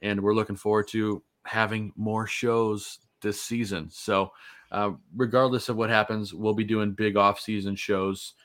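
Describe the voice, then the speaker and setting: A man's voice: fairly low pitch, level tone, unhurried, fairly bright tone. A man in his thirties casually hosting a sports podcast, easygoing and rambling with lots of fillers. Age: 30s. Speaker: podcast host.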